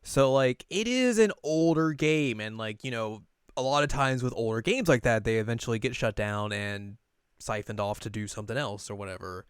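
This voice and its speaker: A man hosting a relaxed podcast about games and anime, chatty and quick to laugh. His voice is smooth and resonant, recorded close and dry with no room sound. He tends to rush ahead when he gets excited. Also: medium pitch, dry recording. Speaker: podcast host. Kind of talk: casual podcast chat.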